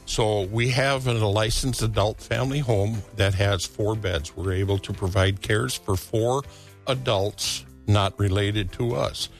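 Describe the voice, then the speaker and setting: A man's voice: on the low side, steady tone, unhurried, faint music behind. A man, an orchard owner talking casually as a guest on a radio show.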